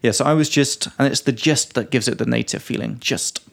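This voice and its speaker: A male podcast co-host in an easygoing chat, telling a story at a relaxed pace with a mid-range voice. He keeps stopping to explain the phrases he uses. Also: medium pitch, a little fast, vocal fry. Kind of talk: casual chat teaching English vocabulary.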